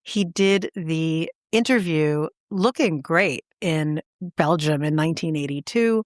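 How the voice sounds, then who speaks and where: A woman co-hosting a podcast, telling a story in casual chat with animated enthusiasm and sudden jumps in pitch for emphasis. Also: slow pace, dry recording, clean studio sound. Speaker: podcast co-host.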